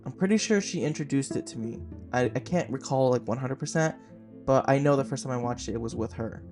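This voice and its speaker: A man's voice: mid-range voice, fairly quick, music in the background. Chatty young man gushing on a podcast. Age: 20s. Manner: chatty and gushing, with frequent "like" fillers. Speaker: podcast host. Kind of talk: casual film review podcast.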